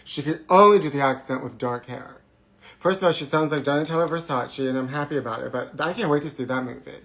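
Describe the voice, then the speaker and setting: A man's voice: a little high, quick pace, a bit bright. Campy gossiping man hosting live. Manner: theatrical, gossipy, jumps between topics. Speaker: host of a live trash-talk show. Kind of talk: campy live-stream monologue. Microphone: forgot to put on his microphone.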